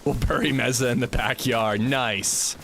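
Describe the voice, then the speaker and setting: A man's voice: medium pitch, steady tone, unhurried, creaky, noisy background. A man streaming a game, chatting casually and reading chat aloud. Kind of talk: casual livestream chat while gaming.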